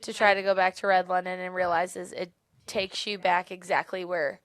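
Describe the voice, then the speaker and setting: A woman co-hosting a podcast, chatting casually and retelling events in an animated way with frequent laughs. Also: on the low side, normal speed, no echo, clean studio sound. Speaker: podcast co-host. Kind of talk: casual book-club chat.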